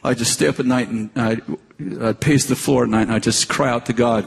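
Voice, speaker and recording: A man in his sixties preaching, telling a personal story earnestly and haltingly, with many restarts. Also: medium pitch, fairly even intonation, vocal fry. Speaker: pastor. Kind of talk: sermon storytelling. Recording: long reverb, faint noise.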